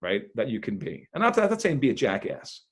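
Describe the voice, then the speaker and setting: A man, a magician, talking in a lively podcast interview, with loud bursts of enthusiasm and frequent laughter. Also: medium pitch, fast talker, slightly rough. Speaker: magician guest.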